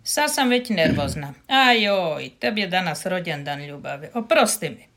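A woman's voice: on the low side, lively intonation, moderate pace, fairly bright tone. A woman reading a girlfriend's lines in a recorded language-lesson dialogue, at a natural pace. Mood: playful. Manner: clear, natural-speed delivery.

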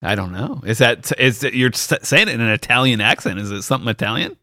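A man's voice: mid-range voice, lively intonation, fast, sharp tone. A man co-hosting a podcast, chiming in with short joking asides. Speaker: podcast co-host. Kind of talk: casual podcast chat.

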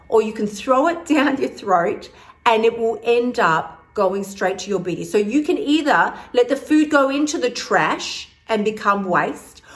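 A woman talks straight to her listeners in a casual podcast monologue, energetic and cheeky. She is blunt and swears freely, in a middle-pitched voice that jumps up high when she gets worked up. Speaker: host, weight-loss coach.

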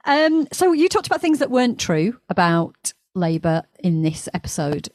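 A woman's voice: fairly low pitch, very animated, normal speed, a little mellow, no echo. A woman co-hosting a podcast, chatting casually and thinking aloud about a TV show. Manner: rambling, thinks aloud with restarts. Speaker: podcast co-host.

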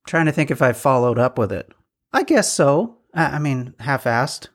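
Guy cohosting a podcast, goofy and self-deprecating, reads off fun facts, mid pitch. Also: animated, moderate pace. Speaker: podcast co-host. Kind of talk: casual chat.

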